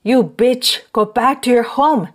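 A woman reading an audiobook, voicing a resentful, violent young husband who yells with contempt. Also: a little high, takes it slowly, voice pushed up. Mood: yelling. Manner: yelling, contemptuous. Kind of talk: audiobook character voice.

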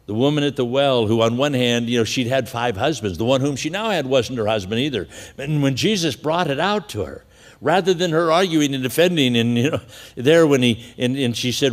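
A man's voice: medium pitch, brisk, in a large hall. Chuckling storytelling male preacher. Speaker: pastor. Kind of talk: sermon.

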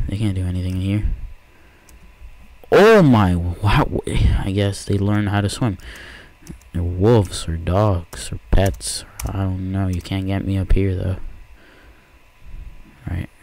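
A man giving let's play commentary, excitable and quick to yelp and exclaim at what happens in the game. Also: deep voice, a little hiss or hum. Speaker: let's player.

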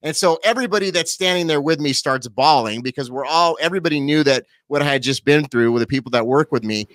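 A man in his forties, a pastor telling his personal testimony as an interview guest, animated and quick with asides. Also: on the high side, no room sound. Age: 40s. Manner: animated storyteller, quick asides, laughs easily.

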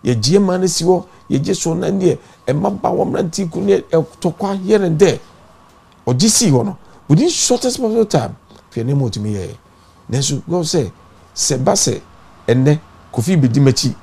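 A man's voice: fairly high pitch, lively intonation, moderate pace, vocal fry, warm tone, husky. A Ghanaian man, a pastor and party founder, talking in an impassioned interview and rising into preacherly, emphatic bursts. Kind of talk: impassioned talk-show interview.

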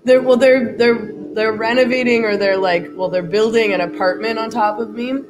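A woman's voice: on the high side, steady tone, moderate pace, highs cut off. A woman hosting a livestream in casual chat, congested from a cold, chatty and laughing often with many fillers. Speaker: livestream host.

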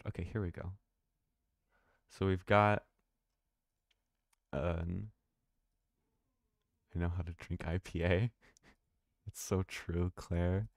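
Deep slow-talking man streaming a game. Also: gravelly, no room sound, clean studio sound. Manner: rambling, thinking aloud, swears casually. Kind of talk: casual live-stream commentary.

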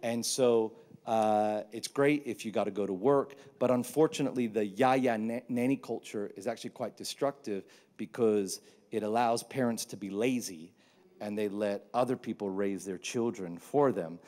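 A man, preaching a sermon with animated, humorous storytelling. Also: lowish voice, moderate pace. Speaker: pastor.

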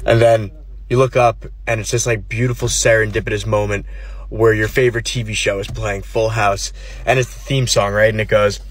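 A man telling an absurd comic story in a deadpan narrating manner. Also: on the low side, moderate pace. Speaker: comedian. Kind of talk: comedic storytelling.

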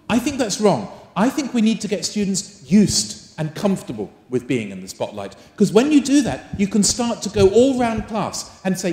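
A man's voice: sits high, normal speed, hardly any pauses. A man running a live teacher-training workshop, coaxing the audience and firing questions at them. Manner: animated, coaxing, asks the room many questions. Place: large conference hall. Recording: roomy echo of a large hall.

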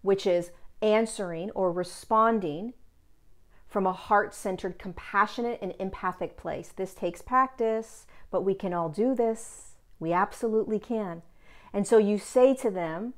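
A woman with a mid-range voice gives an earnest spiritual self-help talk on her own channel. She speaks in a gently instructive way and circles back to repeat her main points. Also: medium pitch, measured pace.

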